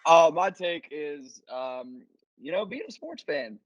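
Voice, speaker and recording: Reflective young man, slightly high voice. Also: sing-song, takes it slowly, muffled recording. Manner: wistful, reflective. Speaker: podcast co-host. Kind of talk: casual chat.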